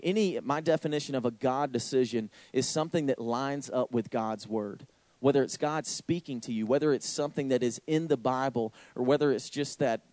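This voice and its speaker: A young man preaching a sermon, telling a story with lively, sudden high exclamations. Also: no echo. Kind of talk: sermon with anecdote.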